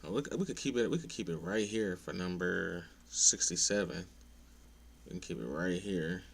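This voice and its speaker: A young man talks in a deep, low voice. He runs through a list of his pet peeves in a laid-back, profane way. Now and then his voice climbs in exasperation. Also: moderate pace, vocal fry, slight background noise. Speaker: content creator ranting to viewers. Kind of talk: casual opinion rant.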